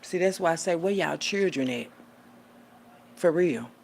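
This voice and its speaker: A woman delivering a profane, preachy rant as a little sermon, swinging between hushed asides and loud outbursts. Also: lowish voice, expressive, unhurried, creaky, slight background noise. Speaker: vlogger giving a street sermon.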